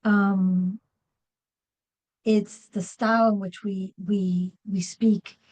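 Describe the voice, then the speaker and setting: A woman leads a workshop in a meeting room, speaking at an unhurried pace in a mid-range voice. She often restarts her sentences and fills pauses with "um". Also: mid-range voice, level tone, a little mellow, rough recording. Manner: slow, many fillers and restarts. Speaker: workshop presenter. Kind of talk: live seminar talk.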